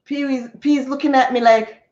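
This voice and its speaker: A woman hosting a livestream, telling a story to her chat in an animated, expressive way with sound effects. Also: sits high, a little fast, muffled recording. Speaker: livestream host. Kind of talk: casual storytelling to a live chat.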